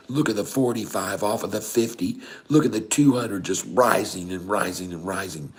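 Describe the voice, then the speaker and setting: A middle-aged man giving excited, folksy live commentary on trading charts, full of exclamations and constant asides to his viewers. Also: lowish voice, moderate pace, few pauses. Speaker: day-trading streamer.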